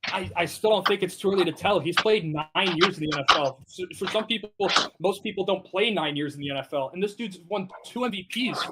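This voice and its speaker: A man with a fairly high voice presses his case in a live podcast debate, hammering the same points again and again. Steady hiss and noise sit under his voice, like an online call. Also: brisk, few pauses. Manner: insistent, repetitive.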